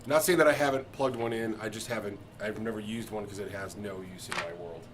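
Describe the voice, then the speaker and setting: A man's voice: on the low side, fast, a little hiss or hum. A man co-hosting a casual podcast, joking and rambling and laughing often. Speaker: co-host. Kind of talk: casual chat.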